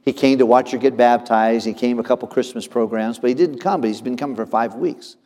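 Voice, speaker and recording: A male pastor telling a personal story in a sermon, earnest and often dropping to a soft low voice. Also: fairly quick. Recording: long hall reverb.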